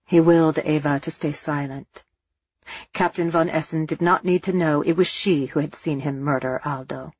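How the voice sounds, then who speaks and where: A woman reading a novel aloud with even, measured pacing. Her voice sits low and husky. The recording is dry and a little dull in tone. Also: dry recording. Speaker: audiobook narrator. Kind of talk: scripted narration.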